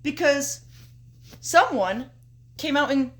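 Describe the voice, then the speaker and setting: A woman's voice: sits high, lively intonation, slow. A young woman co-hosting a casual podcast, talking at length in a loose, offhand way and swearing freely. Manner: casual, swears often, talks through her picks at length. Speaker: podcast co-host. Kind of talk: casual chat.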